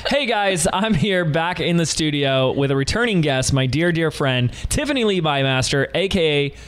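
In a studio, a man hosts an upbeat business podcast interview with a slightly high, expressive, clean voice. He speaks at normal speed, sounding enthusiastic, emphatic and playful.

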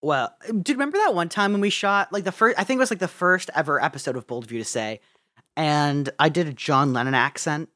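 A young co-host in casual chat with a lively, swooping pitch. They joke around and keep breaking into impressions. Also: fast. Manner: animated, jokey, slips into impressions. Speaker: podcast co-host.

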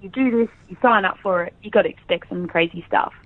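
A woman's voice: medium pitch, no room sound. Aussie woman guest, chatty and frank, down a dry tinny phone line. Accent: Australian. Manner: chatty and frank, quick to laugh. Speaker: reality show contestant, interview guest. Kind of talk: casual phone interview.

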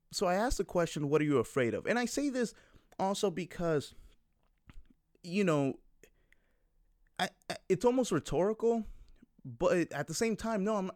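Twenty-something dude rambling to his viewers, lots of "like" and "you know", kinda high voice, dry sound. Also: darkish tone, no echo. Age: 20s. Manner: rambling, filler-heavy, frank. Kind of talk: casual monologue to viewers.

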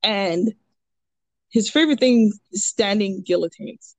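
On a podcast, a woman who holds a jiu-jitsu purple belt and coaches kids shares casual, rambling stories packed with fillers and restarts. She sounds expressive and unhurried in a mid-range voice, with no room sound.

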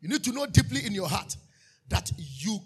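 A pastor preaches with a high, gravelly voice that has a husky edge. He bursts into shouts and then drops to hushed asides. His tone is bright and sharp throughout. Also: big pitch swings, moderate pace. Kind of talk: sermon.

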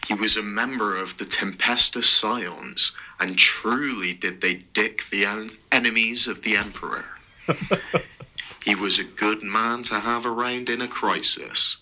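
A man's voice: lowish voice, steady tone, a little slow, pushed and bright, rough recording. A man with an Irish accent narrating a comic story in an amused way. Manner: amused, breaking into laughs. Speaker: listener sending in a story.

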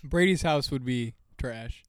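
A man's voice: medium pitch, a little slow, no room sound, clean studio sound. Easygoing young man in casual chat. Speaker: podcast co-host.

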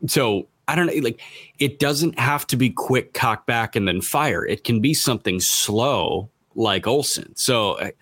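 A man's voice: mid-range voice, measured pace, slightly rough, no room sound. A man co-hosting a podcast, chatting casually and somewhat hesitantly while reading out stats. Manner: relaxed, hesitant, reads out stats. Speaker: podcast co-host. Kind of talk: casual analytical chat.

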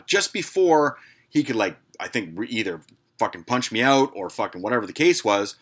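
A man hosting a podcast, telling a story in a casual, crude and heavily profane way, jumping higher and louder when he acts out his own angry lines. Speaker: podcast host.

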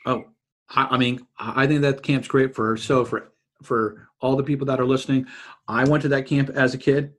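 A man's voice: medium pitch, little pitch movement, moderate pace, a bit bright. A man who hosts a casual podcast chat as a water polo coach, rambling along and filling his talk with "like" and "kinda". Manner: rambling, heavy use of "like" and "kinda".

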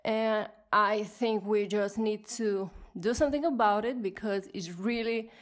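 A woman's voice: medium pitch, steady tone, measured pace. A woman in her twenties with a non-native accent, hosting a solo podcast and ranting in an indignant tone. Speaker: podcast host.

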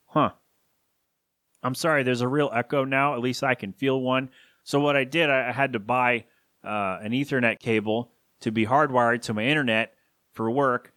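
A man's voice: medium pitch, a bit bright, dry recording. A man hosting a solo podcast from his home studio, rambling casually with self-deprecating asides. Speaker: podcast host.

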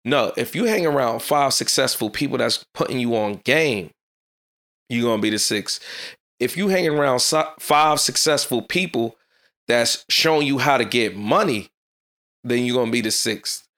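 A man's voice: mid-range voice, expressive, a bit bright. Fired-up man hosting a podcast. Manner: fast, fired-up, street-casual delivery. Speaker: podcast host. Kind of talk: motivational solo podcast talk.

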